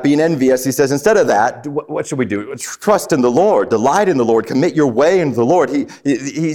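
A man's voice: medium pitch, darkish tone. A man preaching on a psalm, often stumbling and repeating words, and putting questions to his listeners. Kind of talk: sermon on a psalm.

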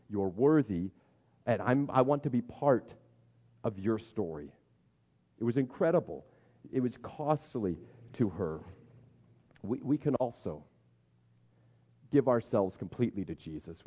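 A man preaching a sermon as pastor, animated and emphatic, often stammering and restarting his words. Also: mid-range voice.

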